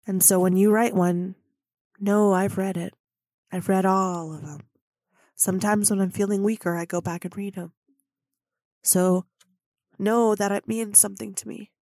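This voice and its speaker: A woman delivering an inspirational spiritual monologue on her podcast, emotional and affectionate, laughing often. Her voice sits at an ordinary middle pitch. The sound is close and dry, with no room echo. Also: dark tone. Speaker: podcast host.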